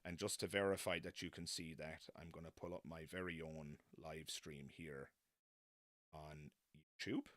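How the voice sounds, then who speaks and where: A man's voice: rumbling low, steady tone, a little slow, a bit bright, dry recording. A man hosting a live stream, chatting casually and self-deprecatingly, wandering off into tangents. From not American. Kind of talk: casual rambling live chat.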